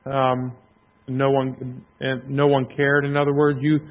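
A man preaching a sermon in a conversational, self-deprecating way, often clearing his throat. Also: mid-range voice, monotone, a little slow. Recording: tinny phone-like sound.

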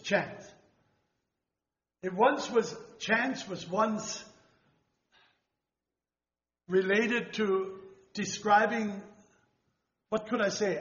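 An older man preaches a rambling sermon in a fairly high voice, searching for his words and checking that his listeners follow. The recording is dull and lo-fi, and the room echoes around him. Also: sharp tone. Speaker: lay preacher.

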